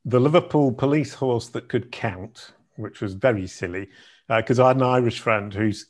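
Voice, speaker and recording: A middle-aged man speaks as an interview guest. His voice sits at an ordinary pitch, and he tells his stories in a chatty, self-deprecating way. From Yorkshire, England. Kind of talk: conversational interview.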